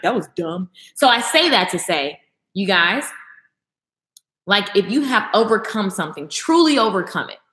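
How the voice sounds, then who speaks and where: Animated woman chatting on a livestream. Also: roomy sound. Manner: animated, talks back to comments, swings high when excited. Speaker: livestream host. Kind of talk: casual livestream chat with viewers.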